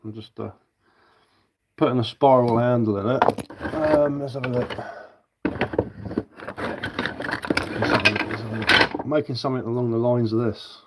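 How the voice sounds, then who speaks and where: A man's voice: mid-range voice, fairly even intonation, normal speed, pauses often, very noisy. A man with a southern English accent chatting casually on a live stream as he carves wood, rambling and answering viewer comments while he works.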